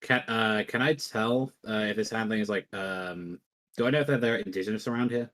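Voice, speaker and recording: A man's voice: on the low side, fairly quick, fairly bright tone. Rambling, hesitant man playing a tabletop game. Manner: rambling, hesitant, many fillers. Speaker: player. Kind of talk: casual tabletop game play.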